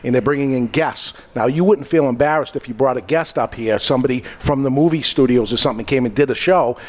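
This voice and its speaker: A man's voice: mid-range voice, quick pace. A man who runs a podcast studio, chatting at a panel and telling a story, acting out the quoted lines. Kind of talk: casual panel talk.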